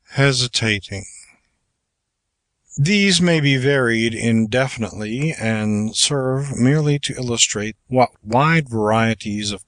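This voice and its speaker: A man giving a measured, even scripted narration of a public speaking manual, as an audiobook narrator. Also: on the low side, no echo.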